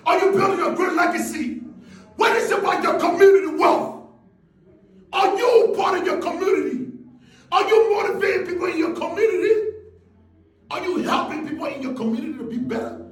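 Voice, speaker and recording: A man giving an intense motivational speech, often shouting and firing off rhetorical questions. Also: extremely high pitch, echoey room. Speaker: motivational speaker.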